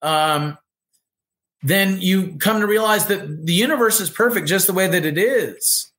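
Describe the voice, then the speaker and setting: A man's voice: sits high, a little slow, a bit bright. A man as a guest on a casual podcast interview, talking in an earnest way about spiritual ideas.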